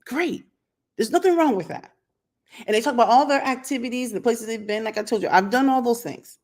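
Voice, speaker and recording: A woman's voice: a little high, lively intonation, fairly quick, darkish tone. A woman hosting her own opinion channel, talking straight to camera outdoors and firing rhetorical questions at viewers. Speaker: channel host. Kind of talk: casual opinion vlog monologue. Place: outdoors in sunlight.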